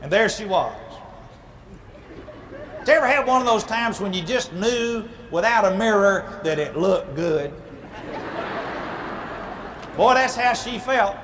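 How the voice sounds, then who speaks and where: At a church ladies' night, a man tells a comic fairy tale in a folksy, playful style, adding vocal sound effects. His high voice is animated, his pace measured with frequent pauses, and he's in a large hall with a noisy background.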